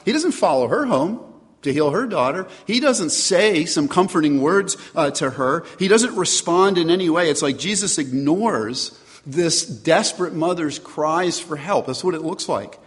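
Man preaching with earnest rhetorical questions, somewhat high-pitched, long hall reverb. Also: expressive, normal speed. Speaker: pastor. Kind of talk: sermon.

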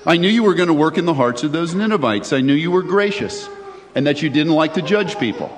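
A man's voice: a little high, lively intonation, a little fast, lightly acted. A man voicing an indignant adult male prophet who complains bitterly to God, heard in a space with long reverb. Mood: exasperated.

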